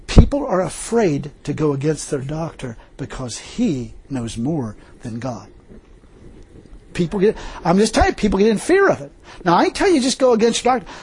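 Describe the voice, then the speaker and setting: A man's voice: sits high, a little mellow, breathy edge, low-quality recording. A man preaching a folksy testimony sermon, telling his story casually and chuckling often as he goes. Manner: casual colloquial speech.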